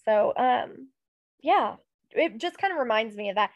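Her voice sits on the high side with lively intonation and an unhurried pace; the recording is muffled, though echo-free. She's a young adult podcast co-host making casual chat, peppering everything with "like" and "um."

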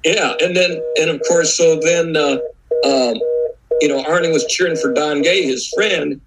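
A man's voice: on the high side, a little slow, heavy background noise. A man who is a guest author, talking in a rambling way with many fillers. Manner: rambling, lots of "you know" fillers. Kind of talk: casual conversation.

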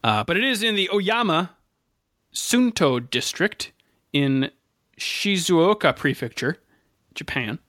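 A man's voice: high-pitched, very animated, takes it slowly, pauses often, sharp tone, no room sound, clean studio sound. A man co-hosting a casual motorsport podcast, running through standings and race listings with frequent self-corrections. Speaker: podcast co-host.

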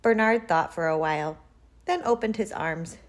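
A woman reading a picture book aloud to children in a deliberate, expressive way. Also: lowish voice. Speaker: reader.

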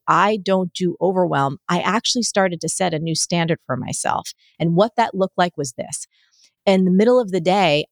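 A middle-aged woman, a guest on an interview podcast, telling stories in an energetic, animated way. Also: fairly low pitch, no echo.

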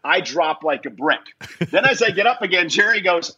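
Man, guest storyteller, husky, bright edge, lo-fi sound, self-mocking. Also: high-pitched, moderate pace. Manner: lively, self-mocking, acts out quoted voices. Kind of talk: animated storytelling in a casual interview.

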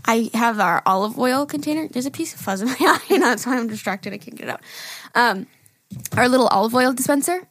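A woman's voice: on the high side, animated, brisk, no echo. A woman co-hosting a casual chat podcast, talkative, swearing and laughing often. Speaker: podcast co-host.

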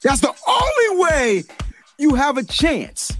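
A man hosting a casual sports chat show, animated and joking, heavy on slang. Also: very high voice, slow pace, faint music behind. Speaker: podcast host.

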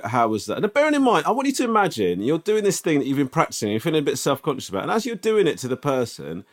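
A man in casual podcast chat, telling a story with swearing and lots of asides. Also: mid-range voice. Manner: animated storytelling, swears often. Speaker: podcast co-host.

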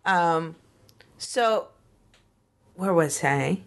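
A woman's voice: on the low side, very slow, gravelly. A woman co-hosting a podcast, telling a story in a casual, rambling way with many fillers and restarts. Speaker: podcast co-host.

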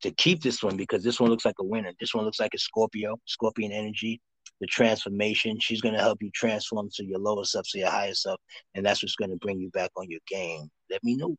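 A man's voice: on the low side, fairly even intonation, a little fast, husky, no room sound, poor audio. A man from Harlem with a New York accent, giving loose, slangy tarot readings to callers on a live show. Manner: loose street talk, playful vocal riffs. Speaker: tarot card reader.

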